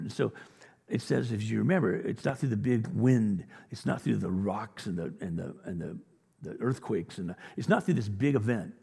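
A male pastor delivers a sermon in an earnest, conversational way, lifting into emphatic peaks. His voice is gravelly and a little husky. The sound rings with the long reverb of a large church hall. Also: lowish voice, normal speed, mellow. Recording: reverberant hall, audio recording.

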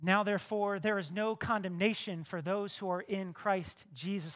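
A male pastor preaching a sermon, lively, swinging between hushed asides and loud emphatic bursts. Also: high-pitched, normal speed, few pauses.

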